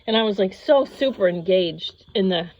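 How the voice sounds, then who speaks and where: A woman in her fifties tells a meandering personal story at an easy, everyday pitch. She slips into the voices of the people she quotes. The audio is a bit dull and lo-fi, with a faint hiss behind her. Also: moderate pace. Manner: rambling, animated, acts out quoted voices. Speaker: yoga channel host.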